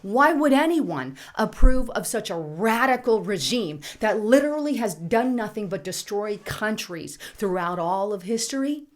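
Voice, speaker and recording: A woman's voice: medium pitch, lively intonation, a little slow, few pauses. A woman hosting a political commentary channel, speaking urgently and indignantly while reading headlines. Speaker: channel host.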